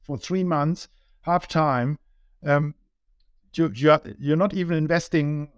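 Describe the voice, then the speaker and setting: A middle-aged German-accented business owner speaks as a guest in a casual interview, halting, repeating words, and saying "um" a lot. His voice is fairly high-pitched, clear, and resonant. The recording is dry.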